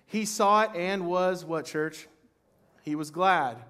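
A man's voice: sits high, slow, sharp tone, smooth. A man preaching a conversational sermon in a church, reading scripture aloud with emphasis. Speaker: pastor. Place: church sanctuary.

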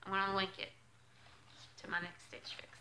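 A woman vlogging as she unboxes a clothing subscription box, chatting casually and gushing with excitement. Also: mid-range voice, moderate pace, a little hiss or hum, poor audio.

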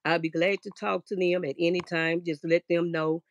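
A woman guest, speaking softly and emotionally over a remote call. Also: lowish voice, flat delivery, moderate pace, no room sound, dull audio. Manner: emotional, soft-spoken.

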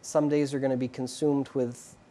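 Male priest guest, mellow warm tone, calm, measured answers. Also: mid-range voice. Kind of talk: interview answers.

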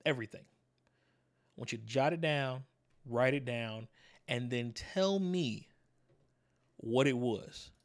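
A man of medium pitch gives a motivational talk to his viewers. He talks in a preachy, probing way, pressing them with rhetorical questions and repeating the words he wants to land. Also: slow, pauses often. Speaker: motivational video host.

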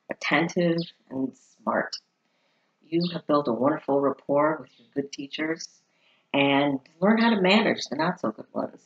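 A parent reading a prepared congratulation letter aloud in a heartfelt, measured way. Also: medium pitch, muffled recording. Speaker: parent sending a congratulation message.

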